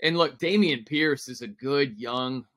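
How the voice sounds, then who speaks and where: A man's voice: medium pitch, measured pace, a bit bright. A man talking sports on a radio show with wry, dry humor in casual banter. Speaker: radio co-host guest. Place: radio studio.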